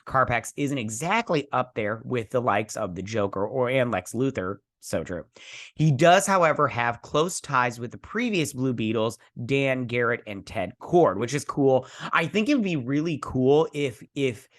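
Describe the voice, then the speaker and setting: A man's voice: medium pitch, lively intonation, moderate pace, a bit bright. Rambling chatty male show host. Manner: chatty, rambling, trips over names. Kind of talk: casual news recap.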